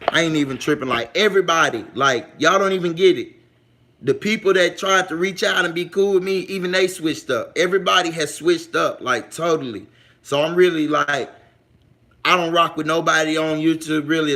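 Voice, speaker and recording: Slangy, fairly high-voiced man on a livestream. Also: fairly bright tone. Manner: loose, slangy, talks straight to viewers; emphatic, repeats points for weight. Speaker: livestream host reading the chat. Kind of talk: casual livestream chat.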